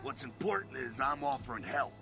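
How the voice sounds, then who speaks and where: Game: gravelly, impatient street-tough vampire mentor, blunt delivery, over music. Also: male voice, medium pitch, animated, brisk. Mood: brusque. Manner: blunt, rough-talking. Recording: game audio with music behind.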